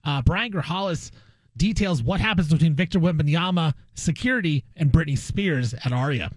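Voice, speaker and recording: A man with a fairly high voice hosts a sports radio show, telling stories in an animated and joking way. His voice is close to the mic and dry, with no room sound. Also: moderate pace, no room sound. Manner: animated, jokey storytelling. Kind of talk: casual sports radio chat.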